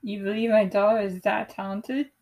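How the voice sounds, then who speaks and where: A young woman reading the lines of a gentle, loving father in her own voice, soft and tender. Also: mid-range voice, steady tone, moderate pace, close to an everyday voice, poor audio.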